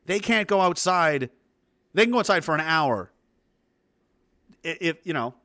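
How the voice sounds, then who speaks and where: Male commentator, furious profane rant, bright and punchy tone. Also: a little high, animated, a little slow, no echo, studio quality. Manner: heated, profane, emphatic. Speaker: political commentator. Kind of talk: ranting monologue.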